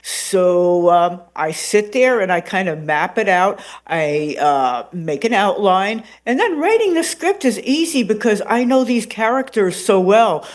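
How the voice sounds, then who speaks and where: A woman who hosts a radio show talks as a guest in a casual interview. She is lively and rambling, full of ums, uhs and restarts. Her voice sits in a middle pitch for a woman. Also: measured pace, hardly any pauses. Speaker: radio host and podcaster, guest.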